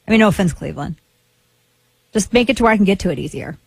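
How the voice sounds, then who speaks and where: A woman's voice: mid-range voice, expressive, fast talker, creaky, breathy edge, dry recording. Woman talk radio host, chatty and rambling, playful asides, dry close sound. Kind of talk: casual talk radio chat.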